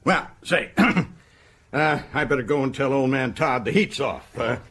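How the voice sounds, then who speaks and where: In a radio drama, an actor plays a boastful, chatty prison governor who stumbles over his words and chuckles often. His voice is medium-pitched, unhurried, a bit bright and husky.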